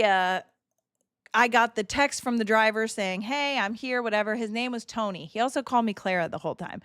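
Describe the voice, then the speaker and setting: A woman in her thirties chatting casually to a live chat, telling a story with laughs and quick asides. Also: on the high side, fairly bright tone, clear, resonant tone, no room sound, studio quality. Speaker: streamer.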